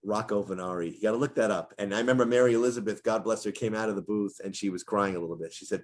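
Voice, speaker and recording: This middle-aged man, a voice actor, speaks on the low side, quickly and with few pauses. He's an animated storyteller in a relaxed interview, dropping into character voices mid-story.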